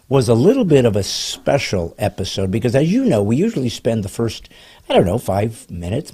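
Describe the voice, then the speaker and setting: A man hosts a casual comedy podcast and rambles through playful wordplay. His voice sits low and warm with a husky edge, and his pitch swings widely as he clowns around. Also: animated, a little fast. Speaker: podcast host.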